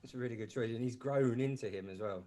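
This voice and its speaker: A man's voice: mid-range voice, fast talker, mellow. A man co-hosting a podcast, chatting casually and trailing off as he searches for words. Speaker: podcast co-host. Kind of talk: casual chat.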